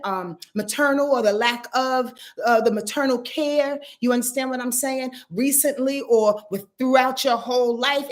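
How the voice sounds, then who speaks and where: A woman giving a casual astrology forecast, talking in an earthy, emphatic way and swearing freely. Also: fairly high pitch.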